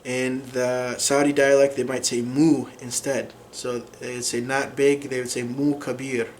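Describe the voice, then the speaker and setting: A man explaining a language lesson in an unhurried way, pausing often with fillers as he works through examples. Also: mid-range voice, flat delivery, a little hiss or hum. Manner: unhurried, many fillers and restarts while explaining. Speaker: language teacher.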